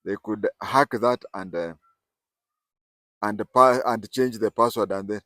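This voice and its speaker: An older man, telling history stories in casual talk with animated emphasis. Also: on the low side, measured pace, no room sound. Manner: animated, rising and falling emphasis. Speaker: storyteller host. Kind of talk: casual spoken storytelling.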